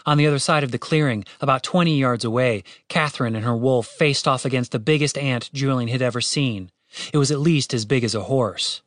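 A man narrating a fantasy audiobook in a steady, wry storytelling way, with casual swearing. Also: medium pitch, no room sound, clean studio sound.

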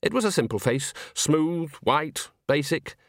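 A man's voice: a little high, no room sound. Male audiobook narrator, dry close sound. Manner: measured, expressive storytelling. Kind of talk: scripted narration.

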